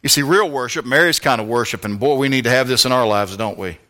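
A man preaching a sermon as pastor, fervent, swinging between shouts and hushed tones. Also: medium pitch, quick pace.

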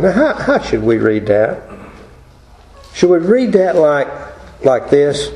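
Slow-preaching man with a higher voice. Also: very animated, a little mellow, roomy sound, poor audio. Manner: slow, deliberate preaching, reading scripture aloud. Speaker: pastor. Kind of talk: sermon.

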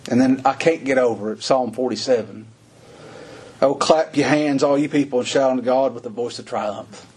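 A man preaching a sermon in a folksy way, laughing between points and climbing high in pitch when he stresses something. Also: moderate pace, a little mellow, a little hiss or hum.

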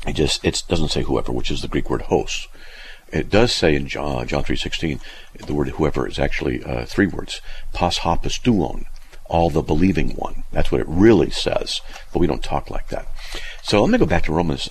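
A man hosting a casual talk radio show and answering listener emails. He is animated, laughs often, argues with rhetorical questions and acts out the people he quotes. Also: very deep voice, creaky, a little hiss or hum. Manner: argumentative, asks rhetorical questions.

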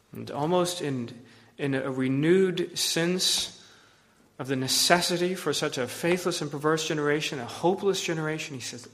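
A man preaching a sermon with earnest emphasis, rising to loud points and dropping to hushed low phrases. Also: normal speed. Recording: long hall reverb.

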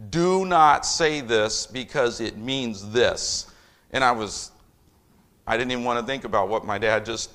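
A middle-aged man preaching a sermon as a pastor, emphatic, with loudness that rises and falls. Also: medium pitch.

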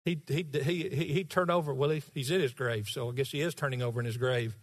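A man preaching as pastor, emphatic and rising to shouts, teasing his congregation now and then, in a large church with a balcony. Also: mid-range voice, steady tone, fast, in a large hall. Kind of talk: sermon.

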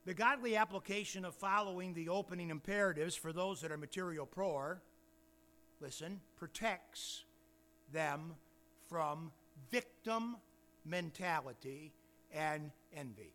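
A man preaching a sermon, firing rhetorical questions and building to emphatic shouts. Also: on the high side, unhurried.

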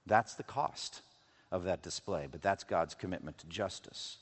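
A man preaching a sermon, swinging from loud, intense passages to hushed, quiet lows. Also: unhurried. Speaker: pastor. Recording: long hall reverb.

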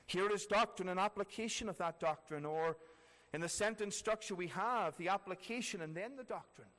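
A man's voice: high-pitched, moderate pace, fairly bright tone. A man preaching a sermon earnestly, repeating key phrases for emphasis. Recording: long reverb of a large hall.

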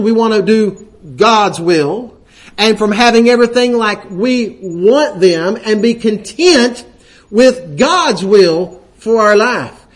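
A man preaching a sermon, quoting scripture and acting out little asides, often checking in with the congregation. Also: sits high. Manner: frequent "right?" checks to the congregation.

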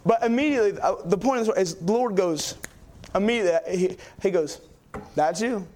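A young male preacher with a notably high voice delivers a sermon in a church. He tells his stories in an excitable, rambling way, full of fillers and restarts. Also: a little fast, a little hiss or hum.

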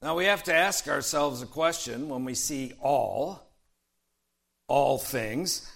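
A man preaching a sermon in an emphatic way, quoting scripture and slowing down to stress key phrases, with calls of "Amen?" to the congregation. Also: medium pitch, gravelly, fairly bright tone. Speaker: pastor.

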